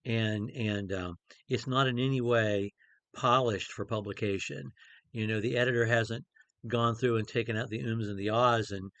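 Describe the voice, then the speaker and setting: A man's voice: on the low side, fairly even intonation, moderate pace, fairly bright tone, no room sound. A middle-aged man preaching in a conversational way, with many fillers and restarts as he teaches a Bible passage. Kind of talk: informal Bible study talk.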